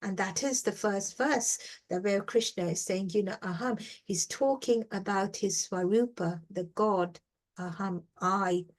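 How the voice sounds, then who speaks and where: A woman leads a reflective scripture class and explains each point with emphasis. She repeats key words to drive them home and fills her pauses with "you know". Her voice sits at an ordinary middle pitch.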